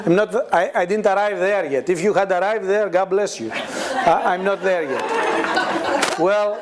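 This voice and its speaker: A man's voice: high voice, a little slow, a loud crowd, heavy background noise. A man giving a conversational testimony sermon, laughing often and acting out the voices of people in his stories. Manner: laughing, animated storytelling, acts out voices in quotes. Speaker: guest preacher. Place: church meeting with a responding congregation.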